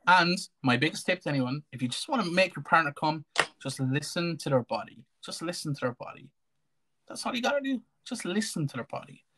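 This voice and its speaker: A man's voice: on the high side, sing-song, a little fast, noisy background. A man with an Irish accent co-hosting a casual livestream chat, crude, rambling and jokey. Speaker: co-host.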